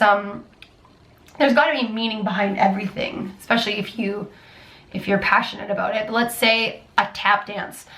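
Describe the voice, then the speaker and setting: A woman's voice: mid-range voice, a bit bright. Chatty woman vlogging in an echoey room. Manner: rambling, chatty, restarts sentences often. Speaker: dance teacher and choreographer. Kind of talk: casual chatty Q&A vlog.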